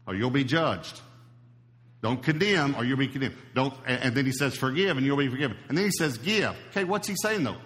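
A man's voice: medium pitch, a bit bright. Guy preaching in a big echoey church, talks to the crowd like a chat, punches key words. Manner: emphatic, conversational preaching with rising stresses. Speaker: pastor. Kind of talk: sermon. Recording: long hall reverb.

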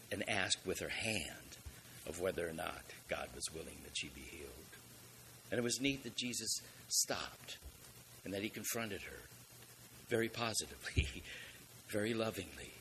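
A man's voice: low voice, pushed and bright, a little hiss or hum. A man preaching a sermon, asking rhetorical questions and building up with emphatic swells in volume.

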